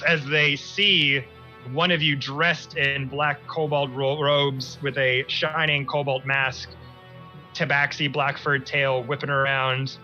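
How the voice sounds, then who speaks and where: A man's voice: medium pitch, level tone, slow pace, sharp tone, highs cut off, faint music behind. A man running a tabletop game as game master, narrating in a casual style with plenty of fillers.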